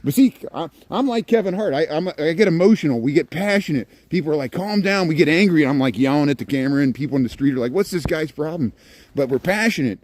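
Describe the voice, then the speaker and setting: A man's voice: on the high side, lively intonation, fast, few pauses, a little mellow. A middle-aged man walking city streets at night, chatting to his phone camera in a rambling way with many restarts. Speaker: walking vlogger. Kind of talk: casual walking commentary. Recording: faint street and traffic noise.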